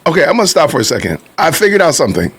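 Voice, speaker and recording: A man's voice: fairly high pitch, sing-song, very fast, fairly bright tone, husky, faint music behind. A man hosting a podcast, reacting to clips in casual, conversational commentary that often turns to his viewers. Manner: conversational, repeats himself, addresses viewers.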